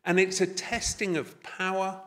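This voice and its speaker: A man's voice: sits high, flat delivery, unhurried, a bit bright. A middle-aged man with a Scottish accent giving a conference talk, thoughtful and self-deprecating, with hesitant fillers. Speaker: conference speaker. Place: conference hall.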